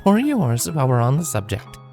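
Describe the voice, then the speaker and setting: A man voicing a gentle, motherly princess mare who speaks softly and calmly. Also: mid-range voice, brisk, faint music behind, voice pushed up. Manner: soft, calm and reassuring.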